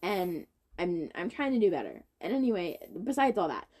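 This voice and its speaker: A young woman co-hosting a casual chat podcast, telling a story in an animated way and acting out what others said. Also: normal speed. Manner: animated storytelling, quotes others with big pitch swings. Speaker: podcast co-host.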